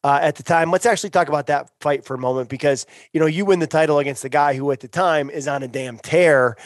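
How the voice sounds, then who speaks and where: A man hosting an interview, energetic and coach-like as he sets up questions. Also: fairly high pitch. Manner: energetic, quick, coach-like prompting. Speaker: podcast host, mental performance coach.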